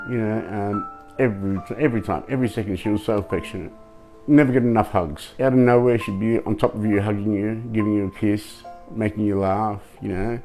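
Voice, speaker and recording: Subdued older man, deep. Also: mellow. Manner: halting, repeats words, low and subdued. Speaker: grieving father interviewed. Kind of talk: emotional interview testimony.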